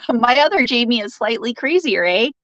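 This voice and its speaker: A woman's voice: a little high, expressive, normal speed, fairly bright tone, no echo, lo-fi sound. A woman hosting a casual live stream, reading out viewer comments, joking and laughing often and turning sympathetic when someone shares bad news. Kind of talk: casual chat.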